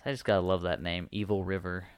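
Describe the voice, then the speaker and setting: A man's voice: sits low, level tone, fast, smooth, no room sound, studio quality. A man co-hosting a podcast, chatting laid-back with joking asides while recapping a cartoon. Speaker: podcast co-host.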